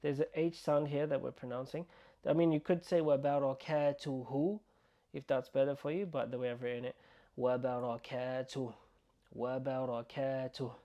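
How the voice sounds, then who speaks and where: A man teaching pronunciation, slowly sounding out syllables and repeating them, with quick asides in between. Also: a little high, vocal fry, warm tone, dull audio. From United Kingdom. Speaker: Arabic teacher. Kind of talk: pronunciation lesson, slow modeled repetition.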